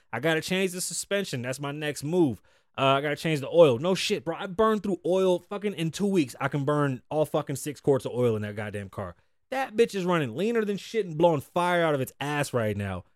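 Animated, profane man ranting on a podcast. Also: fairly high pitch, no echo, clean studio sound. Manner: profane, animated, exasperated storytelling. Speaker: podcast host. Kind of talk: casual ranting monologue.

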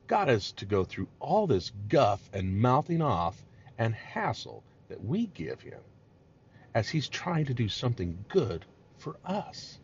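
A man's voice: medium pitch, big pitch swings, a little slow, slightly rough. A man preaching a sermon, earnest and emphatic, sometimes acting out quoted complaints. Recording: dull lo-fi recording.

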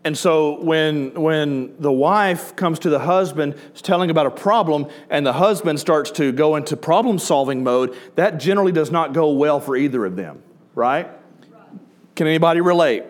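A middle-aged man preaching a sermon to a congregation, talking in a conversational, storytelling way and asking the audience questions. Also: a little high. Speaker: pastor. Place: church before a live congregation.

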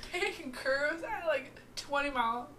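A young woman co-hosting a podcast, telling stories in lively, casual chat. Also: high-pitched, takes it slowly, slight background noise. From Louisiana. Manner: animated storytelling with swearing and laughter. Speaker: podcast co-host.

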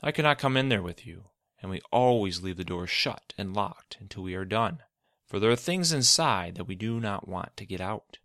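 A man's voice: lowish voice, animated, moderate pace, fairly bright tone, no echo, studio quality. A man voicing a scheming, commanding schemer. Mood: demanding. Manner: cool, demanding, faintly menacing. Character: scheming, commanding adult male official. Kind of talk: storybook narration.

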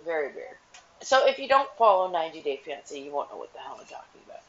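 A woman's voice: low-pitched, fast talker, lo-fi sound. A woman hosting her own show from home, chatting casually and unscripted in a rambling, gossipy way. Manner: rambling and gossipy, with lively swings. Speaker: host.

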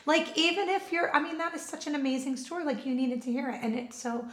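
A woman's voice: sits high, quick pace, a bit bright. A woman co-hosting a faith podcast, talking in an encouraging, affirming way. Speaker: podcast co-host. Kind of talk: casual faith chat. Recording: echoey room.

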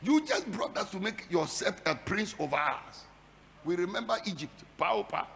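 A man preaching a fiery sermon, building his repeated phrases into shouted, sing-song climaxes. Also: high-pitched, big pitch swings, normal speed, vocal fry, a little hiss or hum. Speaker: pastor. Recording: long hall reverb.

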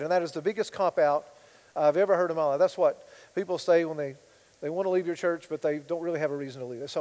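A man preaching a sermon as pastor, swinging between loud emphatic bursts and quiet asides. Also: a little high, fast, in a large hall, rough recording.

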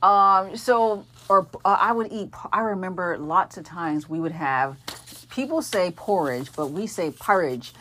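A woman's voice: medium pitch, unhurried, a bit bright. A young adult woman hosting a podcast, talking casually with lots of fillers and self-corrections as she introduces the episode. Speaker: podcast host.

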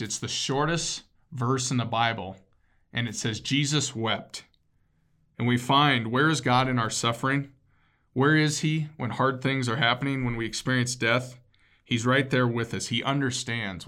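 A man's voice: mid-range voice, fairly bright tone. A man preaching a sermon as a pastor, in a casual, conversational way with asides to his listeners.

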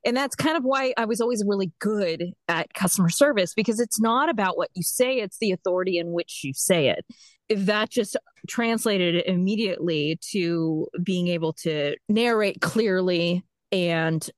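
A woman from South Florida hosting an interview, talking in a measured, thoughtful way. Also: mid-range voice, dry recording. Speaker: podcast host, interviewer. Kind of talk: casual interview chat.

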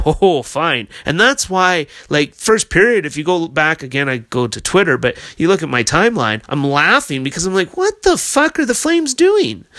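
A man in the middle of a heated podcast rant, swearing freely and pressing his points hard. His voice is bright and sits a little high. The sound is dry and close, with no room around it. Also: no room sound. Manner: heated, profane, ranting. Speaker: podcast host. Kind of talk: casual hockey podcast rant.

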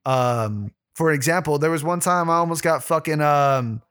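Guy cohost, kinda high voice, rambly and sweary, just chatting. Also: normal speed, fairly bright tone, clean tone. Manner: rambling, profane storytelling with frequent restarts. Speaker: podcast co-host. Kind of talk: casual chat.

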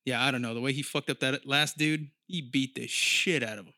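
A man in his thirties rambles through a casual podcast monologue and swears freely. His voice sits in a middle pitch. It is recorded close and dry, with no room sound. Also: fairly quick, hardly any pauses, bright, forceful tone, no room sound. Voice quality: profane, rambling storyteller. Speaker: podcast host.

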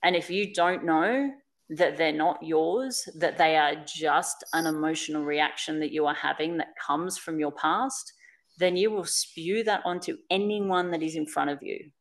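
A woman's voice: low-pitched, unhurried. A woman speaking on a podcast in a candid, earnest, reflective way, repeating phrases for emphasis. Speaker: podcast guest.

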